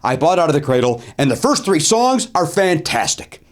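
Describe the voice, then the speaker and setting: A middle-aged male comedian and host telling a story in a lively monologue, full of ums and uhs, pushing his voice up to stress the punchlines. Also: normal speed. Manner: animated, swings pitch up for emphasis, filler-heavy.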